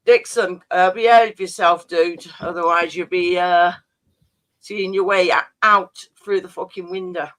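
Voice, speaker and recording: A woman's voice: lowish voice, fairly even intonation, a little slow, a bit bright. A woman co-hosting a casual livestream, blunt and sweary, reading comments aloud and laughing easily. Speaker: livestream co-host.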